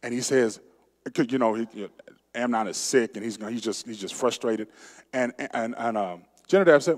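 A man's voice: mid-range voice, normal speed. A male pastor preaching a sermon emphatically, calling out to his congregation. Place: church sanctuary. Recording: long church sanctuary reverb.

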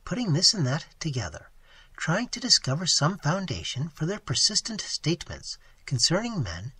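A young waitress, as the reader gives her voice, recounts her story with candor and good humor. The delivery swings widely in pitch and sounds husky, breathy, and dry, close to the mic. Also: sing-song, moderate pace, sharp tone, no echo, exaggerated voice. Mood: candid. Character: earnest young waitress telling her tale. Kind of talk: audiobook narration.

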